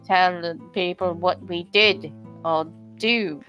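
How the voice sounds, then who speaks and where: A woman's voice: on the low side, fairly even intonation, slow pace, sharp tone, dull audio, faint music behind. A woman playing a tabletop game, bantering in a playful, defensive way. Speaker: player. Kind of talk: tabletop role-play chat.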